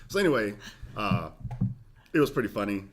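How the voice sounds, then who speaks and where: A laid-back man co-hosting a podcast, swearing easily and giving shout-outs. His voice sits a bit low for a man. Faint noise runs under the recording. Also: sing-song, normal speed. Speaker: podcast co-host. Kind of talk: casual chat.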